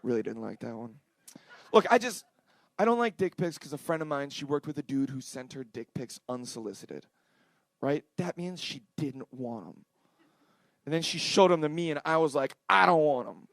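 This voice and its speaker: Canadian guy doing standup, kinda high voice, rambly and self-deprecating, dry close mic. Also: expressive, normal speed, no room sound. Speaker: stand-up comedian. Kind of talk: stand-up set. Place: comedy club stage.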